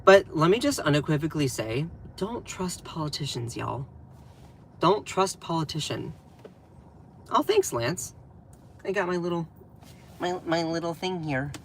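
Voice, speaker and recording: A man's voice: fairly high pitch, expressive, a little slow, long pauses, a little hiss or hum. A man with a Southern US accent giving casual live-stream commentary, emphatic and repeating phrases for stress.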